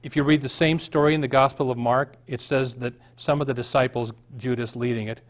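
A man's voice: mid-range voice, fairly even intonation, normal speed. Man preaching a sermon, emphatic. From Midwestern US. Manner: reads aloud then preaches with rising emphasis. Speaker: pastor.

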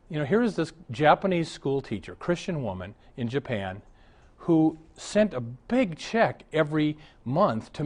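Man preaching a lively sermon. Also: fairly high pitch. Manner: animated storytelling, mixes humor with exhortation. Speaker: pastor.

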